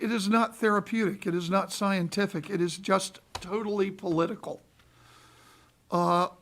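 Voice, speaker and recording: High, gravelly-voiced man at a meeting. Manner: folksy, emphatic storytelling. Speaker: school board member. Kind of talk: public meeting remarks. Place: meeting room.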